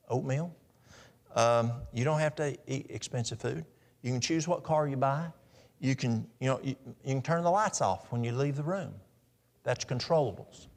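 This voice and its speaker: Man, gravelly voice, folksy health talk at church, mid pitch. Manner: folksy, practical, tells stories.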